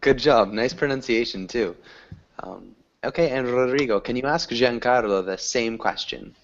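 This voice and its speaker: Over a video call with dull, lo-fi audio, a man teaches an online English class. His voice is medium in pitch and normal in speed, and he encourages his students and praises their pronunciation.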